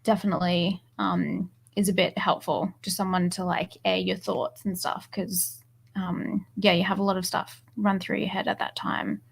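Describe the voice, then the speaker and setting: A woman's voice: fairly low pitch, level tone, normal speed, gravelly, husky. A young woman, a guest on a podcast, answering casually and hesitantly with many fillers. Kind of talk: casual chat.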